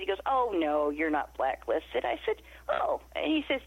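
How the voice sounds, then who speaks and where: Animated woman recounting a story, lo-fi audio. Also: fairly low pitch, normal speed, few pauses, dry recording. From Nevada. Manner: animated, acts out quoted dialogue. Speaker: interview guest. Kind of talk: storytelling in a podcast interview. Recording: muffled lo-fi remote audio.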